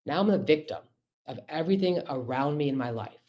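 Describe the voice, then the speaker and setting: A man's voice: a little high, animated, a little fast, darkish tone. A middle-aged man, a physician, giving a conversational webinar talk over a computer mic, emphatic and often checking in with rhetorical questions.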